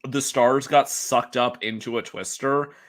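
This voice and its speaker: A man's voice: mid-range voice, steady tone, unhurried, fairly bright tone. A man co-hosting a casual movie podcast, making dry jokes. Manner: dry, joking. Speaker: podcast co-host.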